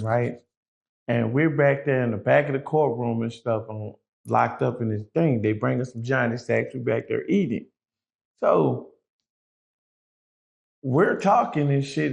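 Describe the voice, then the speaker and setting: A man with a gravelly, creaky edge to his voice tells a prison story in a relaxed interview. He swears freely and slips into the voices of the people in the story as he quotes them. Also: mid-range voice. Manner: profane, acts out quoted voices. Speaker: guest recounting prison story.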